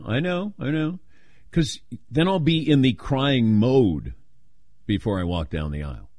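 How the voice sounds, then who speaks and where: Unhurried and medium-pitched, this older talk radio host chats casually in a dry recording. His storytelling is animated, and he slips into playful voices whenever he quotes someone.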